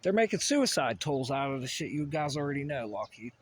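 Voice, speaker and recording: A man's voice: medium pitch, sing-song, fairly quick, husky. A man ranting in a rambling solo monologue, profane and agitated, full of asides and restarts. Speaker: vlogger.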